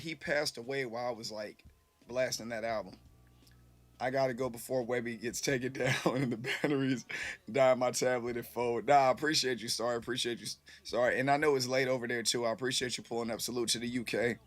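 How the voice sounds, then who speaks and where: A man's voice: medium pitch, fairly even intonation, fairly quick, fairly bright tone. A man casually chatting with his live-stream viewers, rambling loosely and swearing freely, a little tipsy.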